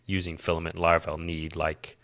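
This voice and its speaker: In a deep, monotone, fairly bright voice and at a fairly quick clip, a Midwestern-accented developer describes his project on the casual tech podcast he co-hosts. He rambles and keeps starting over, and there's no echo.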